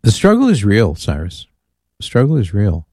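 A man hosts a call-in radio show, talking casually and reading listener messages with amused asides. His voice sits low and mellow. The studio sound is dry and close. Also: huge pitch swings, normal speed, no echo. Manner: chatty, reads listener emails aloud with amused asides. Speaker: radio host.

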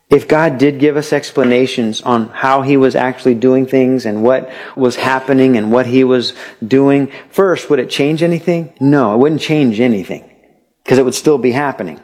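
A man's voice: mid-range voice, normal speed, a little mellow. A man preaching a sermon in a conversational way, asking rhetorical questions and acting out little quoted exchanges. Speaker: pastor.

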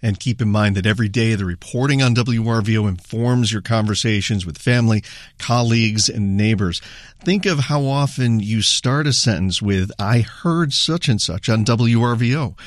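A man co-hosting a public radio pledge drive, making a steady, earnest appeal from the studio. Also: on the low side, moderate pace, dry recording.

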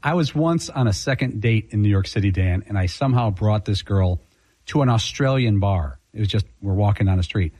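A man co-hosting a sports talk radio show, trading dry jokes and quick anecdotes. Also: on the low side, expressive, darkish tone, no room sound. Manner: wry, dry one-liners. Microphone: studio microphone.

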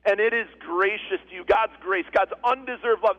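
Male pastor, high voice, earnest sermon, repeats key phrases, dull lo-fi sound. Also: normal speed, fairly bright tone.

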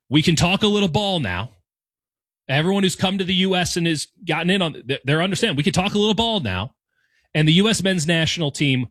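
A man in his thirties with an American accent speaks in a somewhat high register, close and dry, with no room sound. His delivery is candid and wry, often self-deprecating, as he restarts his sentences while he thinks aloud. It sounds like a casual solo opinion segment. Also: fairly bright tone, dry recording. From United States. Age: 30s. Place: home room decorated with soccer scarves and flags.

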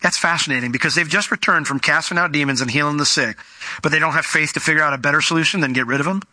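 A male pastor preaching an expository sermon in an animated, conversational way, often acting out quotes. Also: fairly high pitch, rapid-fire, no echo.

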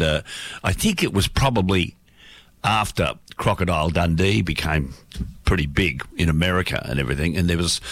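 A man's voice: low voice, a bit bright, no echo. A middle-aged Australian man with an Australian accent, hosting a radio show and telling rambling anecdotes between songs with plenty of ums and uhs. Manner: rambling anecdotes with many fillers. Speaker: radio host.

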